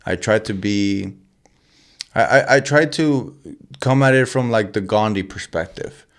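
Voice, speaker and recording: A man's voice: on the low side, a little slow. A man in casual podcast chat who stumbles over his words with repeated restarts and keeps calling his friend dude.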